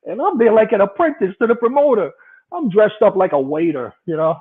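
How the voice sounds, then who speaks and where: A man's voice: high voice, animated, brisk, husky. A man casually telling a profane, rambling story with a lot of laughing. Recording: tinny phone-like line.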